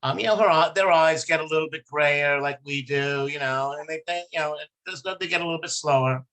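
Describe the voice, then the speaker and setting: A man's voice: a little high, fairly quick, a bit bright. A man hosting a podcast, telling a long, emotional personal story in casual chat, rambling with many restarts. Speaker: podcast host.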